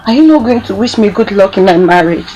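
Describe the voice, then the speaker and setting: A woman's voice: medium pitch, expressive, fast, warm tone, lo-fi sound, slight background noise, close to an everyday voice. A young woman, playing a daughter who pleads with her mother. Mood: pleading. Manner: pleading, plaintive. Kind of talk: film acting.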